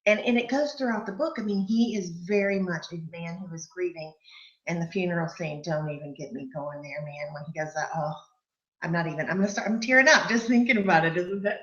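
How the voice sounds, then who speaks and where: A woman hosting a live online book club chat, talking in a gushing, chatty way with lots of fillers, clearing her throat from allergies. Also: fairly low pitch, muffled recording. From Texas.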